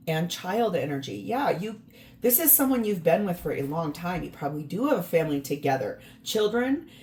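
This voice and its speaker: A woman's voice: medium pitch, a little mellow. A woman giving a casual tarot reading to camera, emphatic and exasperated, often repeating words for stress. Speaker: tarot reader.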